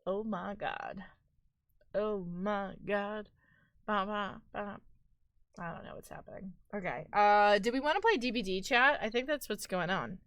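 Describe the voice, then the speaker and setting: A woman's voice: mid-range voice, normal speed, fairly bright tone, no echo, studio quality. A woman hosting a live stream, chatting casually with viewers in a playful, teasing, mock-dramatic way. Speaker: livestream host.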